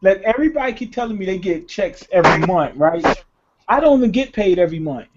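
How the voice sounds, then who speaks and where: A young man, the host, telling a story in casual chat with a profane, animated delivery and acted-out quotes. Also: high voice, fast talker, very noisy. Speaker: podcast host. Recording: dull lo-fi recording.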